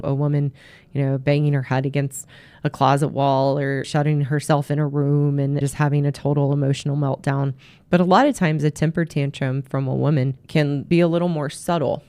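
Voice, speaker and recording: Gravelly-voiced woman host giving advice. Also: deep voice, dark tone. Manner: earnest, advising, with frequent restarts. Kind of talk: solo talk to listeners.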